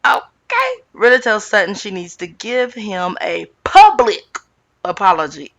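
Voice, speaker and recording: A woman's voice: mid-range voice, sing-song, takes it slowly, gravelly, a bit bright. A woman hosting a reality TV recap in casual chat, blunt and sassy, swearing and using slang as she talks to her viewers.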